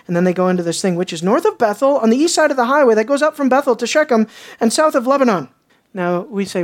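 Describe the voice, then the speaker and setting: A woman pastor preaching a sermon, telling stories and acting out the people in them. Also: normal speed. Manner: animated storytelling, acts out characters with jumps in pitch.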